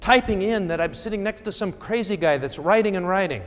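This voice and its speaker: A man putting on a high French accent to play a teasing young female model. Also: fairly quick, long reverb tail, lightly acted. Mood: amused. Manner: high-pitched mock voice, admits he can't do the accent.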